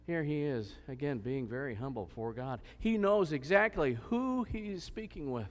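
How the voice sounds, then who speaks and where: Lively preaching man in a reverberant hall. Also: on the high side, normal speed, hardly any pauses. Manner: lively, questioning, emphatic. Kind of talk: sermon.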